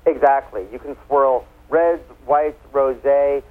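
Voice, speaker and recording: A chatty man talks wine with easy, playful explanations, his voice sitting in a middling pitch. He comes through a thin, tinny phone line. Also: fairly even intonation, slow. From United States. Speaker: wine expert guest. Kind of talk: casual radio interview.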